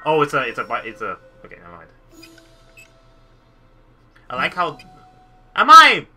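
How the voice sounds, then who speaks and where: A man giving excitable, joking first-watch commentary over a cartoon. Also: mid-range voice, moderate pace, soft background music. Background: cartoon playing.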